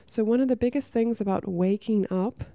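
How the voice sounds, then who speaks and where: A woman talking casually to camera about spiritual growth, chatty and soft, often saying "like" and restarting her sentences. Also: fairly high pitch, normal speed, no echo. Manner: chatty, many "like" fillers and restarts.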